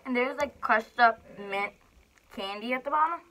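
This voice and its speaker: A woman's voice: a little high, moderate pace, sharp tone, a little hiss or hum. A young woman chatting and laughing while she eats on camera for her vlog. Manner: chatty, giggly, talks while chewing. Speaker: mukbang vlogger. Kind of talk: casual eating vlog.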